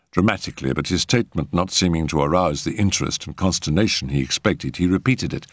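A man narrating a story in a measured, expressive way. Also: extremely low pitch, no echo, studio quality. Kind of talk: scripted narration.

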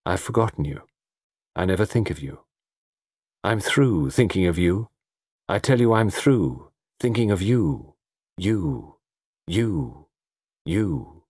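A man reciting as a deep, hoarse cabaret singer. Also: animated, slow, pauses often, darkish tone, dry recording, studio quality, full character voice. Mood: mournful.

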